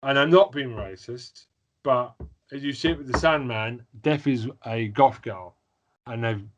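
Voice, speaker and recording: A man's voice: medium pitch, measured pace, dull audio, a little hiss or hum. Dry, opinionated man chatting. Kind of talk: casual chat.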